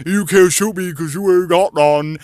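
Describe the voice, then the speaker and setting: A man's voice: high-pitched, steady tone, moderate pace, darkish tone, dry recording, studio quality, lightly acted. A man voicing a taunting deer that mocks in a gloating singsong with jolly ho-ho laughs.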